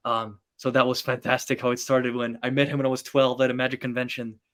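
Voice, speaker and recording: A man's voice: mid-range voice, fast talker. Young French-accented man telling stories. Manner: animated storyteller, many fillers. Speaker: guest magician. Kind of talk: podcast interview.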